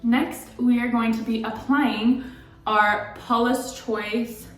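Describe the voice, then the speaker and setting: A woman's voice: on the high side, steady tone, slow pace. A woman in her twenties, a beauty vlogger, chatting candidly and heartfelt in a casual confiding way, rambling with lots of likes. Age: 20s. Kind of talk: casual confiding vlog chat. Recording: echoey room, distant mic, background music.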